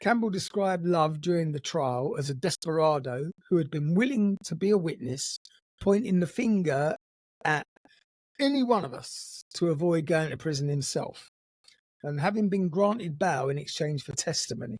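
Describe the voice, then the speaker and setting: A man's voice: fairly high pitch, lively intonation, moderate pace, a little mellow, dry recording. A man co-hosting a podcast, telling a true story in a casual, dry, jokey way. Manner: dry, jokey, puts on gruff voices in quotes.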